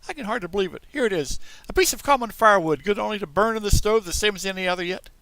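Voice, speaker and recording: A man's voice: on the high side, big pitch swings, a little fast, a bit bright, no room sound. A man voicing a jumpy, blustering old carpenter in a storybook reading, stammering a little. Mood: frightened blustering.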